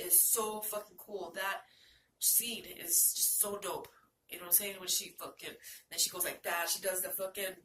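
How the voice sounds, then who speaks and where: A young woman from New Mexico rambles excitedly and profanely about her favorite movie heroines. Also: mid-range voice, slight background noise. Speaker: vlogger. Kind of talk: casual movie-list chat. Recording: roomy, from a distance.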